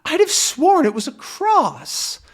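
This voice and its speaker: A man's voice: extremely high pitch, huge pitch swings, slow pace, voice pushed up, full character voice. A man voicing a hard-of-hearing, muddled old male professor who mishears everything. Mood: bewildered.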